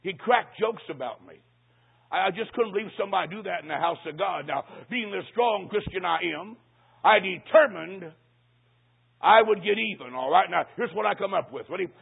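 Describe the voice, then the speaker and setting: A preacher telling a humorous story with punchy timing and conspiratorial asides. His voice is high, gravelly and a bit husky. It sounds thin and phone-like. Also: animated, a little fast. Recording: tinny lo-fi line.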